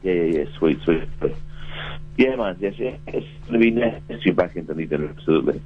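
A man with a very deep voice and a New Zealand accent talks in a relaxed, rambling way, full of "you know" and restarts. He comes through a dull, muffled phone line with a faint hum underneath. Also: fairly quick. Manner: laid-back, rambling, many fillers and restarts. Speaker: musician and actor guest. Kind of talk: casual phone interview.

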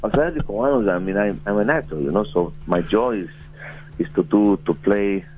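Deep-voiced Kiwi man on a muffled phone line. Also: moderate pace, slightly rough. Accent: New Zealand. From New Zealand. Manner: laid-back, rambling, many fillers and restarts. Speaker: musician and actor guest. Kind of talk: casual phone interview.

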